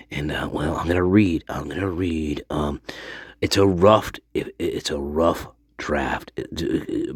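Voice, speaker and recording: A man's voice: a bass voice, slightly rough, no echo, clean studio sound. A man playing a foul-mouthed ghost radio host who rants, boasts and stammers with profanity. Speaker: channel host. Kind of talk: comedic character monologue.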